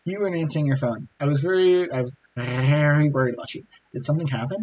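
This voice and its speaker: A man's voice: on the high side, racing, warm tone, a little hiss or hum, lightly acted, low-quality recording. A man reading as a frantic worried young man. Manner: pleading, anxious. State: hoarse. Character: worried devoted young man, frantic about his brother.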